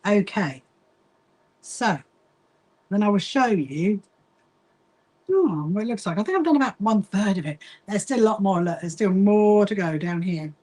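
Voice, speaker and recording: A woman from the UK talks her way through a blanket stitch on her own sewing livestream. She is chatty and easygoing, reads out viewer comments as she goes, and breaks off now and then with quick asides while she works. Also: medium pitch, animated, a little mellow. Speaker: livestream host. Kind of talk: casual chat while sewing.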